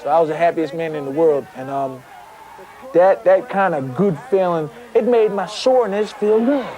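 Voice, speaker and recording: A man's voice: a little high, moderate pace, dark tone, a little hiss or hum, rough recording. A man, a former boxer, telling his story in an interview. He stumbles and repeats words as he acts out what people said to him.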